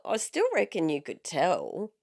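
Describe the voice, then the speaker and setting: A woman with a hoarse voice from a cold, co-hosting a podcast in a chatty, teasing, storytelling way. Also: on the low side, wildly swooping pitch, darkish tone, dry recording, studio quality. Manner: chatty, storytelling, quick to tease. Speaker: podcast co-host. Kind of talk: casual chat.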